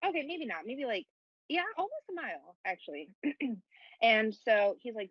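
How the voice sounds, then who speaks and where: A young woman co-hosting a podcast, telling a story in a casual, animated, self-mocking way and swearing often. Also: a little high, normal speed, breathy edge, no room sound, highs cut off. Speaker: podcast co-host.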